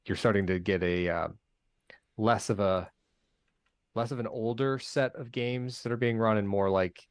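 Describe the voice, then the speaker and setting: Deep-voiced man explaining at length. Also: moderate pace, clean tone, dry recording. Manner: rambling, explanatory, with restarts. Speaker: podcast regular. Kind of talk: casual group chat.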